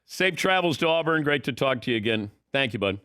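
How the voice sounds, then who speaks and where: A male talk show host chats with his guest in a relaxed way. His voice sits at an ordinary pitch, and he talks in easy, conversational lines. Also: a little fast, smooth. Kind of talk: casual interview chat.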